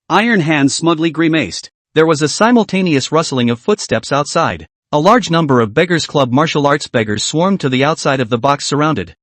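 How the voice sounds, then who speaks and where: Guy narrating a comic story recap, lively voice, dry close mic. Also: a little high, no room sound. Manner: first-person storytelling, brisk.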